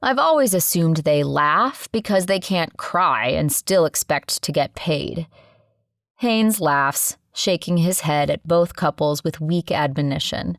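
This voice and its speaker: A woman's voice: low-pitched, expressive, unhurried, no room sound, clean studio sound. Wry woman narrating an audiobook. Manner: sardonic, wry asides. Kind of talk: first-person audiobook narration.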